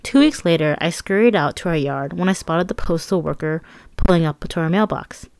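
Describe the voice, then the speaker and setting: A woman's voice: sits low, brisk, gravelly, a little mellow, no echo. A woman narrating her own memoir with a candid, wry, conversational manner.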